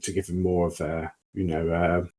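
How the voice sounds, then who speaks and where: A man with a very low, husky voice, chatting about books on a podcast. He is easygoing and often chimes in to agree. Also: level tone, normal speed, darkish tone. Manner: easygoing, lots of agreeing yeahs. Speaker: podcast co-host. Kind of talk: casual book-review chat.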